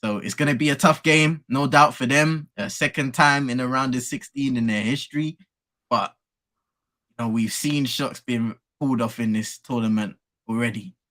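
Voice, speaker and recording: A man co-hosting a football watchalong, chatting in animated slang. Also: medium pitch, normal speed. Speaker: co-host. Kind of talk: casual watchalong chat.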